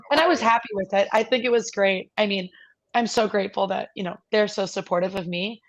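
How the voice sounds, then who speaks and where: A woman chatting as a podcast co-host, telling a lively story and putting on the voices of the people in it. Her pitch is middling, and the recording sounds a little dull and muffled. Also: fast. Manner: animated storyteller, acting out other people's lines. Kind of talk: casual chat.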